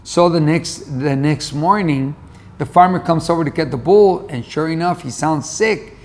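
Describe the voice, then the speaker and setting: A man's voice: a little high, normal speed. A man giving a motivational talk in a folksy, conversational way, telling a farm fable and repeating his key points. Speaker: motivational speaker. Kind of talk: motivational storytelling monologue.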